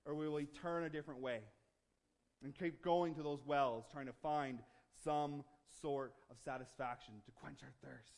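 A man preaching a sermon to his church, moving from relaxed, joking conversation to emphatic, building declarations. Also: on the high side, normal speed, vocal fry. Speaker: pastor.

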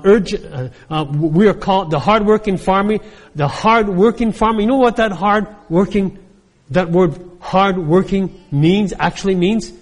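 A man preaching a sermon, his voice high and husky as he presses each point and calls out for an amen. His words ring with the long reverb of a large hall. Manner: emphatic preaching, asks the congregation for amens. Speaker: pastor.

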